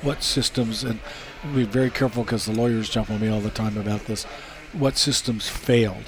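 Here the racing safety expert speaks briskly in a lowish voice with fairly even intonation. He's still spinning anecdotes for a casual interview, chuckling through them and often restarting or using fillers.

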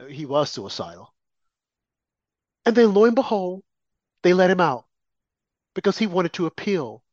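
Guy ranting commentary, kinda high voice, keeps hammering the same point, dull muffled audio. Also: very animated, measured pace, darkish tone, no echo. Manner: emphatic and repetitive, mocking asides. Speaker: political commentator. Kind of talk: opinionated commentary monologue. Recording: dry, slightly muffled lo-fi audio.

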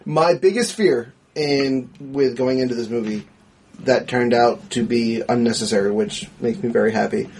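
Casual podcast co-host, man, husky voice, lively and chatty. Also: mid-range voice, normal speed. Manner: animated, swearing, acts out scenes. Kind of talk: casual movie discussion.

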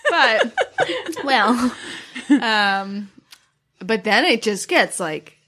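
A woman's voice: medium pitch, slow. A woman co-hosting a casual podcast chat, ranting with lots of swearing and laughter. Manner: profane, animated ranting with laughter. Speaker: podcast co-host.

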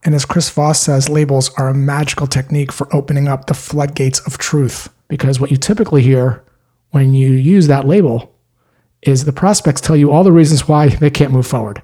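Mellow, husky-voiced man explaining calmly. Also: mid-range voice, normal speed. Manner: punchy short sentences, calm explanatory delivery. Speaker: sales trainer. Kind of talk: scripted explainer talk.

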